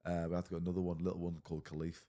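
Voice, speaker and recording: A man's voice: low-pitched, completely flat delivery, very fast, dark tone. A man in his thirties with an English accent, talking bluntly as a podcast guest, swearing often and saying mate a lot. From England. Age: 30s. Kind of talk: casual conversation.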